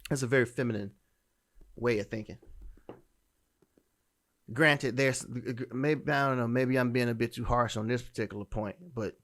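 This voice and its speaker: A man's voice: mid-range voice, steady tone, moderate pace, long pauses, a bit bright. Blunt, profane man ranting. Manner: blunt, profane, emphatic, with frequent restarts. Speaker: podcast host. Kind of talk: opinionated dating commentary.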